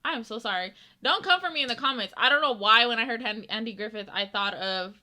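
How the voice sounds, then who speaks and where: A woman's voice: on the high side, fast, sharp tone. A woman co-hosting a reaction video, chatting casually and teasing herself over a mix-up. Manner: self-deprecating, chatty. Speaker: reaction channel co-host.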